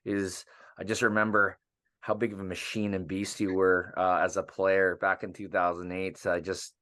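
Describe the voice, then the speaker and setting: Deep-voiced man reminiscing casually. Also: level tone, moderate pace. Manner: rambling, warm recollection with fillers. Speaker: hockey skills coach and co-host. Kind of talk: casual podcast chat.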